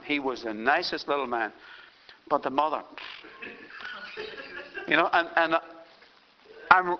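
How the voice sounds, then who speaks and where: An older man preaching a sermon as pastor, telling a story and reading scripture aloud with emphasis. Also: fairly high pitch. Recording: dull lo-fi sound.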